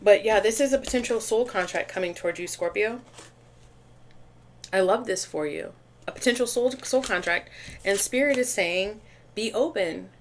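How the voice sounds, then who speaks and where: Chatty, excitable woman reading tarot. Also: medium pitch, normal speed, slight background noise. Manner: chatty, excitable, with many restarts and fillers. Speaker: tarot reader. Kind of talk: casual tarot reading to camera.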